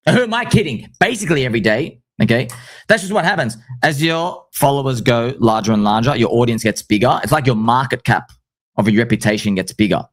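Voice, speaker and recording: An animated man presents at a crypto conference on his livestream. His pitch leaps and swoops as he talks, though his voice sits at an ordinary middle height. He piles up quick asides and keeps the energy high. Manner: animated and excitable, with rapid asides and sudden jumps in pitch.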